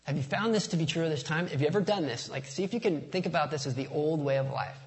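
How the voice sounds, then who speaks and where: A man's voice: on the high side, fast. A man preaching a sermon as pastor, casual and conversational, slipping in jokes. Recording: long reverb of a large hall.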